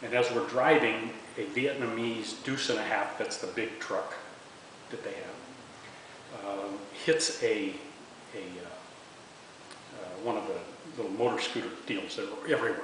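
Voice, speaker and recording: A man's voice: on the low side, measured pace. A man in his sixties, a veteran, recounting memories in an oral history interview, often stumbling and repeating words. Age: 60s. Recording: echoey room with faint hiss.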